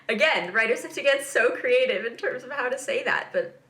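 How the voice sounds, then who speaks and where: Young female vlog host: bright tone, chatty and giggly, casual. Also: on the high side, animated, normal speed. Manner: chatty and giggly, lots of fillers and asides. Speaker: vlog host reacting to a TV episode. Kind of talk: casual reaction chat.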